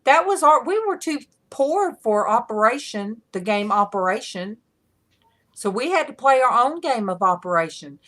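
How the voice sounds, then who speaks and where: A woman's voice: a little high, big pitch swings, moderate pace, a bit bright. A woman hosting a casual online panel chat, telling rambling stories with frequent laughter over a video call.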